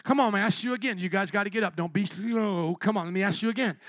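High-voiced man preaching to a congregation. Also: quick pace, a bit bright, dry recording, rough recording. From Chicago. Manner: preaching, urging the congregation to answer back. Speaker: pastor. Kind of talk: sermon.

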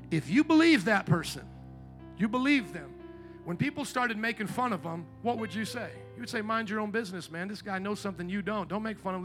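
A man preaching a sermon as pastor, fervent and growing loud and emphatic, slowing right down when he quotes scripture. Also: high voice. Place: church sanctuary. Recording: faint guitar music behind.

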